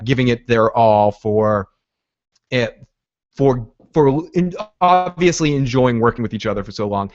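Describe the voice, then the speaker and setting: A man hosting a podcast, rambling excitably through a casual recap of a TV episode, with frequent restarts. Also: medium pitch, dull audio. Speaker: podcast host.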